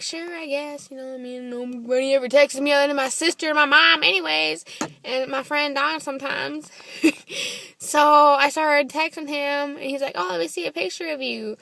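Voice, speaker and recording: A woman's voice: high voice, pushed and bright, no echo. A young woman telling a story to camera in a casual vlog, blunt and swearing freely, acting out the texts in quoted voices. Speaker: vlogger.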